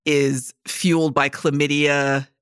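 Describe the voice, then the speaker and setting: A woman's voice: low voice, little pitch movement, slow pace, clean tone, no room sound, clean studio sound. A woman co-hosting a podcast in casual chat, blunt and joking with some swearing. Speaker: podcast co-host.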